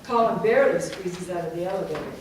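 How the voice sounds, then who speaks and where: A woman's voice: fairly low pitch, fast, darkish tone, distant mic. Woman narrator reading stage directions plainly, faint hiss in an echoey room.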